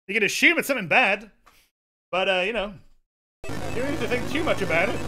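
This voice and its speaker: A man streaming a game, giving casual commentary, excitable and swearing often as he yells at what happens on screen. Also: sits high. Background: game music.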